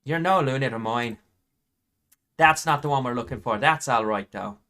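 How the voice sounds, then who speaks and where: Bright-voiced man muttering over his card game. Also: medium pitch, moderate pace. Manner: thinks aloud, counting points under his breath. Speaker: gaming YouTuber.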